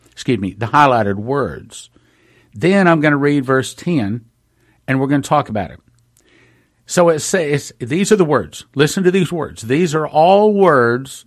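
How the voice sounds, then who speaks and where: A man giving an informal Bible-prophecy broadcast. He talks earnestly, repeats words for emphasis, asks rhetorical questions and reads scripture slowly and deliberately. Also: fairly high pitch, no echo, studio quality.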